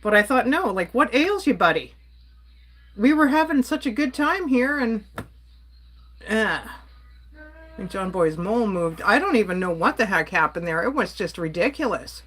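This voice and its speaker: A woman's voice: medium pitch, expressive, normal speed, fairly bright tone. A woman from Canada ranting on a casual livestream, exasperated and blunt while she reads and answers her chat. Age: adult.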